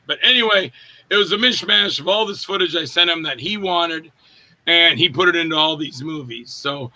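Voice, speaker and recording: A man's voice: a little high, normal speed. A man in his fifties, an actor telling stories in a casual interview and acting out quotes in different voices. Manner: animated, acts out quotes in voices.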